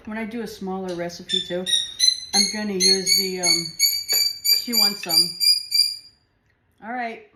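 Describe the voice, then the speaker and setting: A woman's voice: medium pitch, fairly even intonation, moderate pace. A woman chatting casually while she cooks and tastes food in her home kitchen, rambling from one thought to the next. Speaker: home cooking vlogger. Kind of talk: casual chat while cooking. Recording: echoey kitchen with faint household noise.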